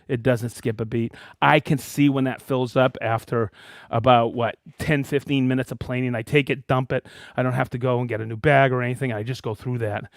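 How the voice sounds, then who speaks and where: A man hosting a live stream in a casual, excited way, calling out viewers by name and hometown. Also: mid-range voice, fairly quick, no room sound, clean studio sound. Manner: excited, animated, reading viewer shout-outs. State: worked up and dusty after a demo. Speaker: host of a live product show.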